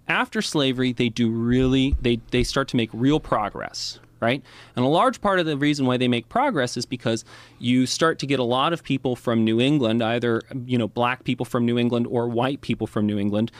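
A man talks through a long explanation in relaxed, casual conversation. He keeps adding little check-ins and fillers as he goes. The sound is dry and close, with no room echo. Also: medium pitch. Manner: lively, frequent "right?" and "you know" fillers.

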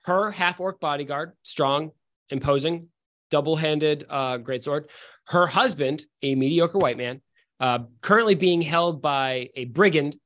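A man's voice: fairly high pitch, unhurried, fairly bright tone. A man narrating as game master in a loose, filler-heavy way.

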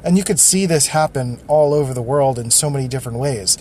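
A man's voice: mid-range voice, brisk, darkish tone, slight background noise. A man hosting a solo podcast, thinking aloud in a loose, rambling way with frequent restarts. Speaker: podcast host.

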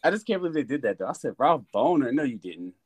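A man's voice: mid-range voice, big pitch swings, racing. A man co-hosting a casual podcast, hyped and playful, with many short interjections. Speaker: podcast co-host. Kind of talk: casual chat.

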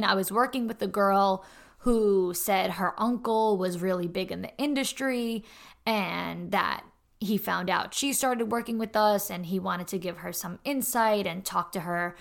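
This is a young woman talking straight to her podcast listeners, chatty and loose. She drops "like" and "honestly" all through her sentences. A touch of vocal fry roughens the ends of her phrases, and her pitch sits at an ordinary middle height. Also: fairly bright tone. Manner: chatty, peppers speech with "like" and "honestly". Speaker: podcast host. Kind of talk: casual storytelling monologue.

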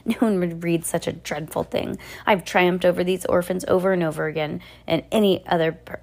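A growling storybook villain count, scornful and gloating, in a slightly low voice put on by a woman reading the book aloud. He sneers at everyone around him. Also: a little mellow, natural voice.

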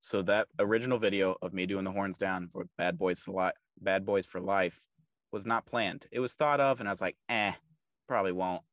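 A man with a fairly low voice, co-hosting a casual sports podcast. He talks emphatically and repeats himself when he gets fired up. The sound is dry and close. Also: fairly quick, a bit bright, no echo. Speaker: podcast co-host.

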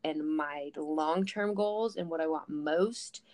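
A woman with a notably low voice talks things through in an unhurried, reflective way. She leans on fillers and restarts as she thinks aloud in relaxed conversation. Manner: thoughtful, with many fillers. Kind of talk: casual reflective chat.

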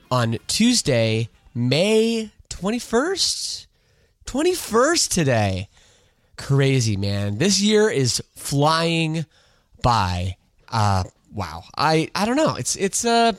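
A man's voice: fairly high pitch, no echo. A middle-aged man with a congested, nasal voice hosting a podcast in a loose, chatty way, swearing casually and repeating words. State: congested, nasal from a sinus infection. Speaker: podcast host. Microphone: studio microphone.

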